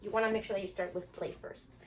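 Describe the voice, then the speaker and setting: A woman dog trainer talks viewers through puppy play in a relaxed, practical way, stopping now and then to praise her dog. Her voice sits at a middle pitch. Faint noise runs behind her at home. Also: quick pace. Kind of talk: casual instructional video.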